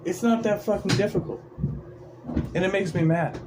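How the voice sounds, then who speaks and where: This livestream host, a man with a high-pitched voice at normal speed, delivers an irritated, sarcastic, profane rant. It's a casual livestream, and the background is noisy.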